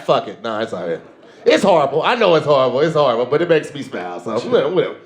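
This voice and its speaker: A man's voice: medium pitch, sing-song, rapid-fire. A man with a St. Louis accent hosting a comedy show, trading loose, slangy banter with the crowd. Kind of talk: emceeing, chatting with the crowd.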